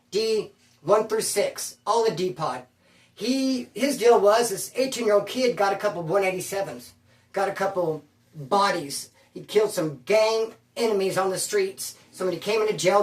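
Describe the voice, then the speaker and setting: A man's voice: sits high, recorded from a distance. A man telling his own prison story in casual first person, full of street slang and calling the listener bro. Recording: roomy sound, away from the mic.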